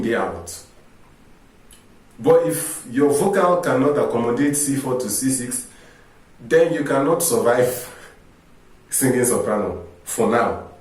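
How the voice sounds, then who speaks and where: A man gives an informal singing lesson, explaining step by step and asking rhetorical questions. His voice sits at a middle pitch for a man. He is recorded from a distance in a strongly echoing room. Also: darkish tone. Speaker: vocal coach. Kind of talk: informal teaching talk to camera. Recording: echoey room, distant mic.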